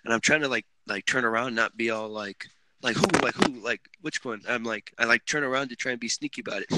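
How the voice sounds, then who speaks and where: A young man hosting a casual podcast chat, telling animated stories with lots of swearing. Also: medium pitch, fast, heavy background noise. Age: young adult. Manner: animated, swearing, laughing storyteller. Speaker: podcast host.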